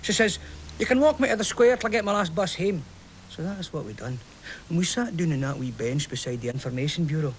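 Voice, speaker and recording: An actor with a Glaswegian Scottish accent playing a chatty, romantic football fan who tells a story with lively swings into hushed tones. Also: male voice, a little high, quick pace, a little hiss or hum, close to an everyday voice. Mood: warm storytelling. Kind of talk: stage play acting.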